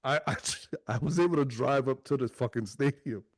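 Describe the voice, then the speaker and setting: A man's voice: mid-range voice, fairly quick, no room sound, clean studio sound. A man hosting a podcast who tells a story in casual, profane speech and acts out the voices in it. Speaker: podcast host.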